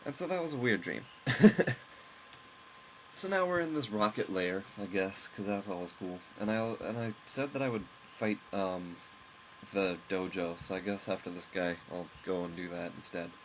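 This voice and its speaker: A man casually recounting a long, rambling story at home while commenting on a game, with chuckles and quick asides. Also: sits low, fairly bright tone, slight background noise, low-quality recording. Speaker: let's play host. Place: at home, with a loud pet bird nearby.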